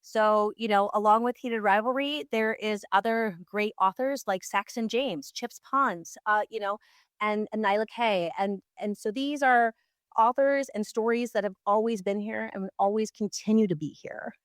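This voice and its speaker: A woman's voice: medium pitch, moderate pace, clean tone, no echo, clean studio sound. A woman who owns a bookstore, answering radio interview questions in an earnest, enthusiastic, conversational way. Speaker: bookstore owner, radio guest.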